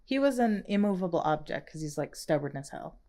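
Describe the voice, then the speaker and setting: A woman co-hosting a laid-back film review podcast. She talks in a slightly low voice, fills her sentences with casual fillers and laughs easily. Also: lively intonation, fairly quick, warm tone. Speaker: podcast host. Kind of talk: casual chat.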